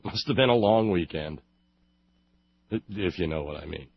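Sarcastic talk host, husky voice, dry close sound, slightly dull audio. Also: male voice, sits low, lively intonation, unhurried, no room sound. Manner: sarcastic, rambling with many fillers. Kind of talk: casual radio monologue.

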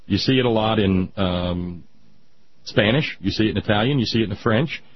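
A man hosting casual radio talk who rants loudly and slips into nerdy asides. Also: on the low side, normal speed, a little hiss or hum. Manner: ranting, animated, nerdy asides. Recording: dull lo-fi radio sound.

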